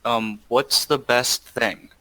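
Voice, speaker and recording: A man's voice: medium pitch, fairly even intonation, slow pace, sharp tone, no echo, poor audio. A man playing a tabletop game, hesitant and playful, with lots of ums. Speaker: player. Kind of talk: casual tabletop play.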